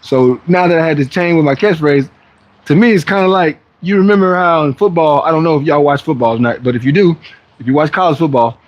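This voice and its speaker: The recording sounds dull, and the man's voice sits fairly high. He's hosting a fitness livestream, casually rambling to viewers in slang, circling back and restarting, and often putting on other people's voices.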